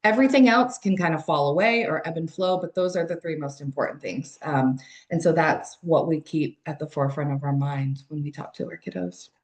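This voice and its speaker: A woman speaking on a panel in a measured, summarizing way. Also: low-pitched, a little mellow. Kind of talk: panel discussion.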